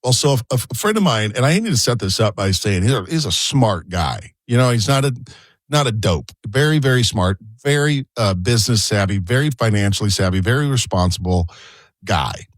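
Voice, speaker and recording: A man's voice: lowish voice, normal speed, dry recording. Male radio host, dry close studio sound. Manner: animated storyteller acting out the people in his story. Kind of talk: morning radio talk, storytelling.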